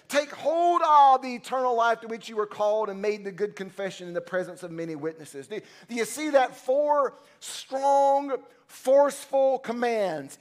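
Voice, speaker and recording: A male pastor with a strikingly high voice delivers a sermon to his church. He preaches with passion and emphasis, stacking repeated phrases to build intensity. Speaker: senior pastor. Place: church service.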